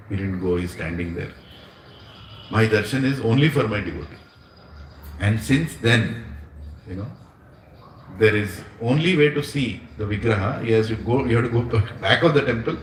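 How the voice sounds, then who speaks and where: A man's voice: mid-range voice, a little hiss or hum. A man with an Indian English accent, giving a devotional talk that tells stories, asks the audience questions and laughs often. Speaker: spiritual teacher. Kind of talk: devotional satsang lecture. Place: room with a small gathering. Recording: echoey room, voice from far off.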